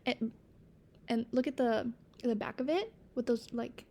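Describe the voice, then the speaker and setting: A young woman chats to camera about her favorite books, gushing and giggling, now and then sinking to a near-whisper. Her voice sits a little high, with a gravelly edge and a mellow tone. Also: unhurried. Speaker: book vlogger. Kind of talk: casual chat to camera.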